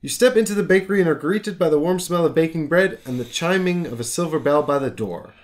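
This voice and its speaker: A man's voice: on the high side, animated, quick pace. A man narrating a tabletop storybook game, reading descriptive text aloud steadily, with small stumbles and restarts.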